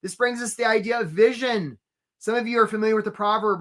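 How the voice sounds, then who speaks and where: A man, a career coach, hosting a live webinar in an energetic, chatty way and calling out attendees by name. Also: high voice, fast.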